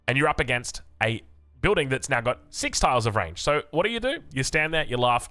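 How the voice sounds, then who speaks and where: A man's voice: medium pitch, bright, forceful tone. An Australian man giving casual, joking commentary on game patch notes, chatty with frequent restarts and asides. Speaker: gaming content creator.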